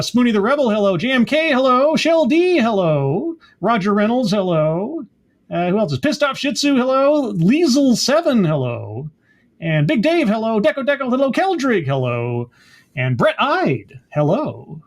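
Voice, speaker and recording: A man's voice: sits high, sing-song, moderate pace. A man hosting a casual online show, upbeat and playful as he greets viewers and his guest. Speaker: host. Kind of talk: casual chat.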